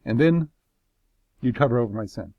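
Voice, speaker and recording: A man's voice: medium pitch, expressive, normal speed, dry recording, dull audio. A man voicing an anguished, pleading sufferer. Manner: passionate, pleading, bitter. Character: anguished man arguing his innocence before God.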